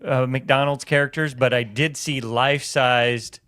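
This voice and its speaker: A man's voice: mid-range voice, steady tone, measured pace, fairly bright tone, smooth, dry recording, clean studio sound. A man co-hosting a podcast, wry and playful, with mock-formal asides. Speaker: co-host. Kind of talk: casual chat.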